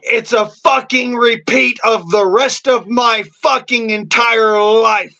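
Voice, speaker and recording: A man on a bitter, profanity-laden rant, his voice sitting high for a man. He drags his words out slowly and keeps cursing as he airs his grievances. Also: fairly even intonation. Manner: bitter, cursing constantly, swings into hoarse yelling. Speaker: vlogger.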